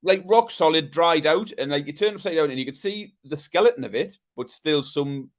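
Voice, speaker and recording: A man co-hosting a podcast, telling a story in a casual, animated way and often dropping to a low murmur. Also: fairly quick. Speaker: podcast co-host.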